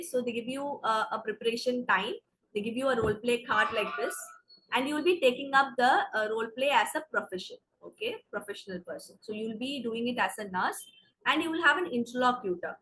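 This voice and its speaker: Brisk and a bit bright, her voice on the high side, an Indian English-accented woman teaches exam prep in a classroom lecture. She explains step by step and checks in with "okay"; the recording is low quality with slight background noise.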